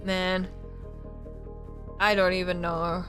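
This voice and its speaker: A woman's voice: lowish voice, little pitch movement, slow pace, fairly bright tone. A young woman streaming live, telling stories in a casual, chatty way and now and then acting out the people in them. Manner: chatty, laughing, acts out quoted people. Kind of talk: casual storytelling chat. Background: faint music.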